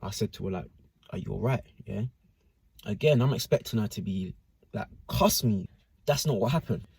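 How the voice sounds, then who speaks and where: A man's voice: lowish voice, lively intonation, moderate pace, gravelly, a little mellow, husky, no room sound. A man telling a casual personal story to camera in slangy speech with constant tag questions.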